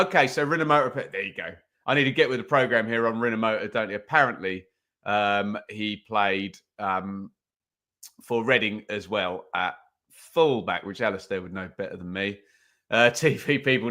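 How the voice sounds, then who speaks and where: A man's voice: mid-range voice, bright, forceful tone. A man hosting a live football watch-along stream, chatting casually, reading out viewer comments and calling the match loosely. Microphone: desk microphone.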